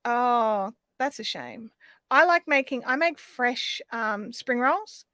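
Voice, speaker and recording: A woman's voice: a little high, animated, takes it slowly, bright, forceful tone, dry recording. An Australian woman hosting a live craft stream, chatting casually and rambling as she reads out viewer comments.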